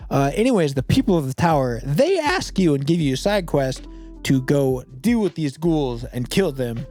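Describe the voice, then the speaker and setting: A man's voice: a little high, big pitch swings, normal speed, a little mellow, faint music behind. A young man giving casual gameplay commentary, rambling and saying "like" a lot. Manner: rambling, heavy use of "like". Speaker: gaming video creator.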